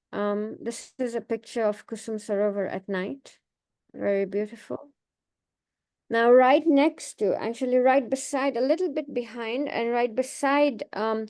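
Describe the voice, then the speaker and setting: A woman giving a devotional class, telling temple stories in a gentle, meandering way with frequent restarts. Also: on the high side. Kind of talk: informal devotional talk with slides.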